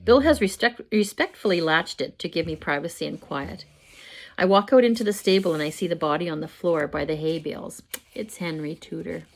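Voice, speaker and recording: Older woman reading her story aloud. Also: deep voice. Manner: measured, expressive reading. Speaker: author reading her own book. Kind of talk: first-person story reading. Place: home, with a pet dog nearby.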